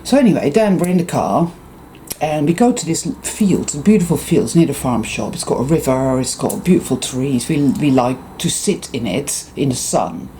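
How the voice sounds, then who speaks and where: An English man rants through a casual vlog story, swearing often and mimicking the people he meets. His voice is dark and mellow, yet the pitch swings about freely as he tells it. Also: normal speed, slight background noise. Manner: profane, animated storytelling. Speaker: vlogger. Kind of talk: casual ranting monologue.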